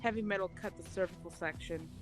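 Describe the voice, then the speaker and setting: A woman hosting a let's play, reading a dark visual novel aloud in a melodramatic but deadpan voice. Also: lowish voice, quick pace, music in the background, poor audio.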